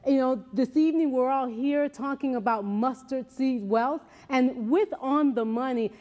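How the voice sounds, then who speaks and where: A woman's voice: high voice, measured pace, mellow, in a large hall. A woman co-hosting an announcement of network shows, enthusiastic and affirming. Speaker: TV network co-host. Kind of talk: promotional show announcement.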